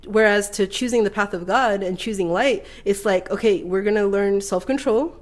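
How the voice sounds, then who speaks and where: A woman co-hosting a casual podcast chat, swearing freely, animated and quick to laugh. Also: mid-range voice. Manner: profane, animated, laughs often. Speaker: podcast co-host.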